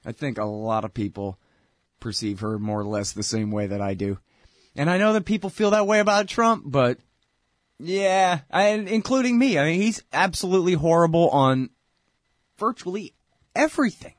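A man hosting his own show, ranting in an exasperated, opinionated way, with loud outbursts that drop to mutters. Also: fairly high pitch, normal speed, dry recording, studio quality. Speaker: show host. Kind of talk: opinionated political commentary.

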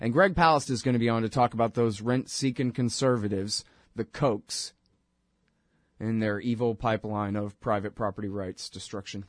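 A man's voice: fairly low pitch, normal speed, dry recording, clean studio sound. A man hosting his own talk show, delivering a sarcastic, ranting political monologue full of mocking asides. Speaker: radio show host.

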